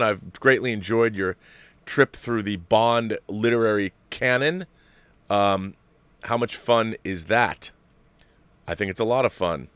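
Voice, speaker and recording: A man's voice: on the low side, fairly bright tone, clean tone, no room sound. A man in his forties hosting a casual livestream, reading viewer letters and answering them in a rambling, self-correcting way. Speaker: host.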